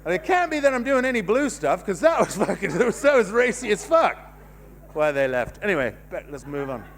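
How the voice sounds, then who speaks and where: A Canadian stand-up in his fifties performs at a comedy club in a high, very animated voice at a moderate pace, with a little hiss or hum. He rambles, mocks himself, swears freely and trails off mid-thought.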